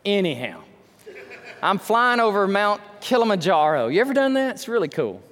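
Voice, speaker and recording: A man's voice: sits high, sing-song, moderate pace, fairly bright tone, long reverb tail. A man pastor preaching an emphatic sermon full of rhetorical questions, speaking in a church sanctuary.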